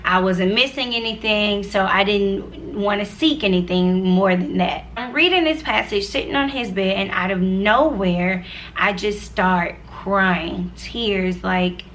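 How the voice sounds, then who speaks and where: A woman's voice: mid-range voice, measured pace, a bit bright, slight background noise. A woman in her twenties telling her personal faith story to viewers in a chatty, earnest way, with many asides. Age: 20s. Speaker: vlogger sharing her faith testimony. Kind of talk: casual personal testimony.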